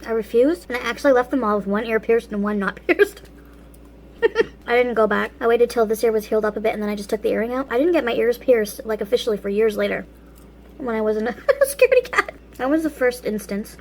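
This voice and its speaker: A woman's voice: fairly high pitch, animated, quick pace, darkish tone. A woman hosting a casual vlog, telling a story while eating and laughing often between phrases. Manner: eats and talks with food in mouth. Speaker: vlog host.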